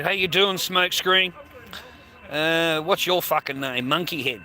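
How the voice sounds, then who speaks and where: A man's voice: fairly high pitch, unhurried, sharp tone, poor audio. An Australian man rambling crudely on a livestream from a train station, swearing constantly and greeting viewers by name. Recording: faint street noise.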